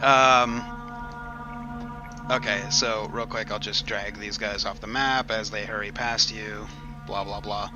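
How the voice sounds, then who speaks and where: A man narrating a tabletop game as game master, lively, with quick asides. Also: lowish voice, highs cut off, music in the background.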